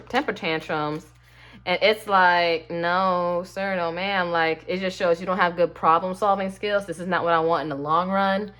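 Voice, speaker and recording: Brief: lower-voiced woman, casual tarot reader, chatty and sassy, addresses the viewer directly. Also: normal speed, fairly bright tone, a little hiss or hum. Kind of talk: casual tarot reading to camera.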